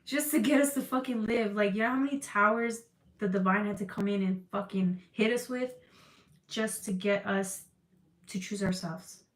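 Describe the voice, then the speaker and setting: A woman's voice: medium pitch, normal speed, echoey room, poor audio. A woman giving a tarot reading to her viewers, emotional and tearful, swearing freely and calling them y'all. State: crying. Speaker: tarot reader.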